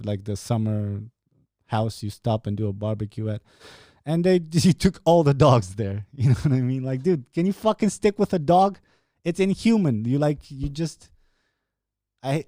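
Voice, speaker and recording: A man's voice: mid-range voice, mellow, no room sound, studio quality. A young man hosting a podcast, chatting casually with viewers in a rambling, profane way with frequent laughs. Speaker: podcast host. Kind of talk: casual chat with live viewers.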